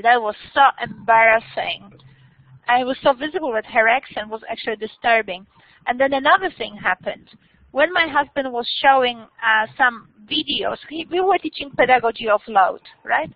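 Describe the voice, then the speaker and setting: A woman university lecturer talking to her students in an informal, animated way, with many restarts and questions put to the class. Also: a little high, normal speed, dry recording, narrow, tinny audio.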